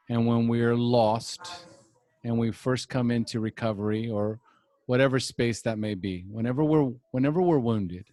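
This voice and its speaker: A man's voice: mid-range voice, dark tone. A man hosting a recovery podcast, talking earnestly and reflectively in long thoughtful stretches. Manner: earnest, reflective, speaks in mini-lectures. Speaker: podcast host.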